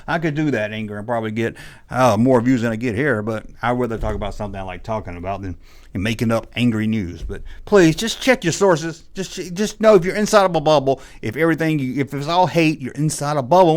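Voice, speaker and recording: A man's voice: mid-range voice, lively intonation, fast talker. Guy ranting bout toys, exasperated, kinda rambly, plain middle voice. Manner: exasperated, rambling rant with mock quotes. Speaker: toy collector YouTuber. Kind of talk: ranting monologue. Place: indoors, audio only.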